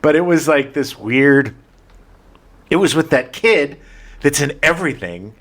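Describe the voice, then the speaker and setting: Animated man chatting on a podcast. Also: fairly high pitch, measured pace. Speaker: podcast co-host. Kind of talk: casual chat.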